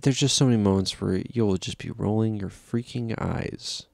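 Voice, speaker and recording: A man's voice: fairly low pitch, normal speed, vocal fry, a little mellow, no room sound. A man giving a casual, rambling film review, exasperated and profane, with frequent restarts.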